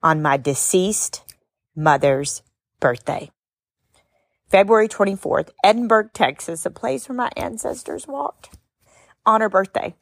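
A middle-aged woman hosting a podcast, telling a personal story in an expressive, sometimes tearful way that rises into high exclamations. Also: a little slow, gravelly, long pauses, dry recording, studio quality. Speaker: podcast host and speaker. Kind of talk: emotional storytelling monologue.

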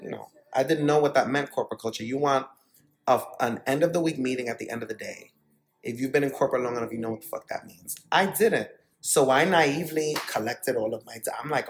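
A man's voice: mid-range voice, fairly quick, low-quality recording. Emphatic man telling his story. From Bronx, New York. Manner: emphatic, candid, swears freely. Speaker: podcast guest, startup CEO. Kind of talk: storytelling in an interview.

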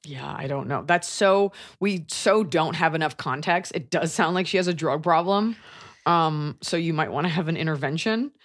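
A woman's voice: deep voice, normal speed. A woman hosting a podcast, giving advice in a joking, rambling, casual way. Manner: joking, rambling, playful asides. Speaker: podcast host. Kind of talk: casual comedic chat.

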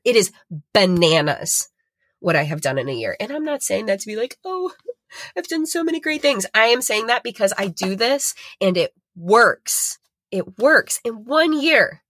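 Her voice is fairly low yet a little bright, captured with no echo. She's a podcast host and retreat leader, urging listeners on in an earnest, emotional way with many fillers.

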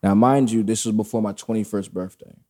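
A man's voice: on the low side, fairly even intonation, a little fast, warm tone. A man in a casual chat, telling a long personal story in a rambling way, full of fillers and swearing. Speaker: podcast guest telling a story.

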